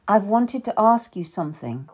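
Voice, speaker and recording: A woman reading the lines of a calm, tender young Tudor man who is courting, in an audiobook. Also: medium pitch, moderate pace, breathy edge. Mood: earnest. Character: young Tudor man, earnest gentle suitor.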